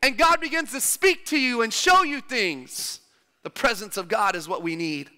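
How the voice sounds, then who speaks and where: A man's voice: extremely high pitch, animated, moderate pace, bright, forceful tone, smooth. A man preaching a sermon in a church, emphatic and repeating his phrases for stress. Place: church hall. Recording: long church-hall reverb.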